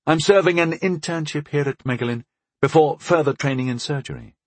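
A man voicing a young woman healer in her twenties who is patient, amused and matter-of-fact, in a husky storybook reading. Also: on the high side, a little fast, no room sound, voice pushed up. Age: 20s.

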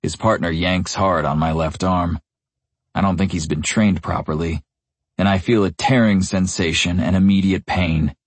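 Deep, husky male audiobook narrator. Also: steady tone, normal speed. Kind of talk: first-person novel narration.

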